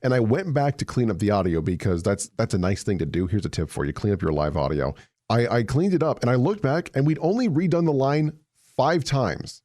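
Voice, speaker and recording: A man's voice: mid-range voice, lively intonation, brisk, a little mellow, dry recording, studio quality. A young man co-hosting a casual podcast, easygoing and chatty, full of fillers. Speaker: podcast co-host and voice actor. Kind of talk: casual chat.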